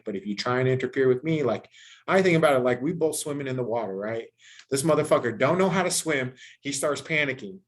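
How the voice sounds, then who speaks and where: A man hosting a podcast in casual chat, ranting with heavy swearing and animated emphasis. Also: lowish voice. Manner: heavily profane, ranting and animated. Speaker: podcast host.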